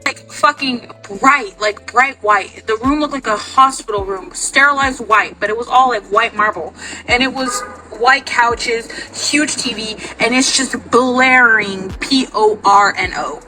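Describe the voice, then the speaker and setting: A woman telling a wild personal story in a storytime clip, animated and crude, acting out the voices of the people in it. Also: a little high, measured pace, faint music behind, rough recording. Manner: acts out voices in her story.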